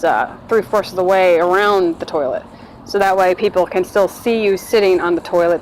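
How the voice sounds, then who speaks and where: A woman's voice: mid-range voice, slight background noise, rough recording. A woman, telling her own story in a casual, rambling vlog monologue and acting out the voices of people she quotes.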